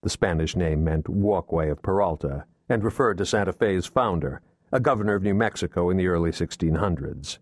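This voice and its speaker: A man reading a thriller audiobook in steady, measured scripted narration, recorded on a close studio mic. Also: deep voice, no room sound. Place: recording booth.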